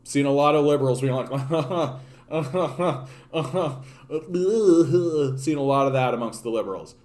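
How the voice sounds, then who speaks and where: A man's voice: fairly high pitch, takes it slowly. A man from Canada hosting a political livestream, ranting casually with profanity and many restarts. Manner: profane, animated, repeats and restarts words.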